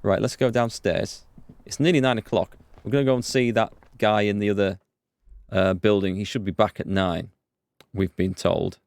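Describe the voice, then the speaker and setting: A man hosting a let's play, reading the game's dialogue aloud with quick asides to viewers. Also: dry recording. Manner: reads dialogue aloud with quick asides, jumps in pitch when excited. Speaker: gaming channel host.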